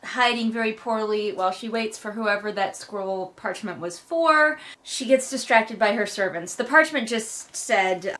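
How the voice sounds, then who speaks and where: A woman's voice: medium pitch, unhurried, hardly any pauses, fairly bright tone. A woman hosting a casual book read-along, recapping chapters in a sarcastic, wry way and swearing casually.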